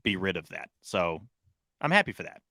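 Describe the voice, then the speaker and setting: An excitable young man co-hosting a sports podcast, his voice bright and forceful and sitting a little low. He swings between loud bursts and quieter asides in casual chat. The sound is dry and close. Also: normal speed, no echo. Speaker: podcast co-host.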